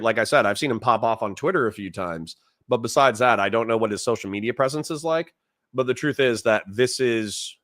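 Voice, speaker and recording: A man's voice: mid-range voice, a bit bright, no echo, clean studio sound. A man giving casual live-stream commentary, chatty, laughing often and reading out chat messages. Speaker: streamer reacting to a debate.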